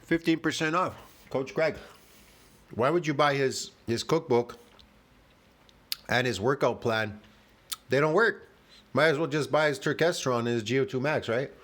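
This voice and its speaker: A man's voice: mid-range voice, moderate pace, long pauses, fairly bright tone. A man reacting to a video in a mid-range voice, jeering and sarcastic. He keeps repeating his digs and chuckles at his own lines. The sound is plain and clean. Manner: mocking, laughs at his own jokes. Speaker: reaction channel host.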